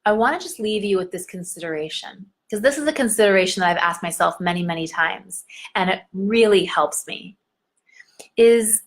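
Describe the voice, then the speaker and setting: A woman in middle age speaks straight to her viewers as a confidence coach. Her delivery is earnest and guiding, and she slows right down to stretch the words she wants to land. Her pitch sits in an ordinary middle range for a woman. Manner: earnest, guiding, with slow drawn-out emphasis. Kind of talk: motivational self-help talk to camera.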